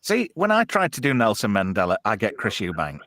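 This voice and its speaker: A man hosting a casual livestream chat, bawdy and animated as he tells stories. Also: on the low side, fairly quick, no echo, clean studio sound. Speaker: host.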